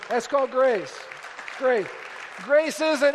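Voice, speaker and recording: A middle-aged male pastor preaching a sermon, moving between hushed, pleading passages and loud, urgent exhortation. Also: extremely high pitch, a little slow, some chatter behind, a little hiss or hum. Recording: reverberant hall.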